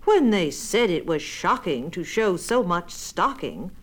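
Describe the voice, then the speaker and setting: A woman reads comic verse at a very unhurried pace, taking her time over each line. Her medium-pitched voice moves expressively up and down. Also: sing-song. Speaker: poetry reader. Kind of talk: reading limericks aloud.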